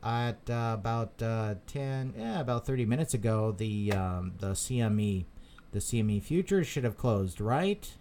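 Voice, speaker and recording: A man's voice: lowish voice, animated, moderate pace, a little mellow, slight background noise. A man hosting a live stream, chatting casually and reading out viewer comments, rambling with many repeated words and fillers. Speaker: crypto channel host.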